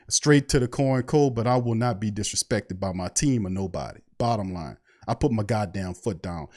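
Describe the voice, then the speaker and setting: Hosting a sports show, this man speaks in a lowish, slightly mellow voice while unloading a fired-up, preachy fan rant. It is full of profanity, mocking asides and imitations of others.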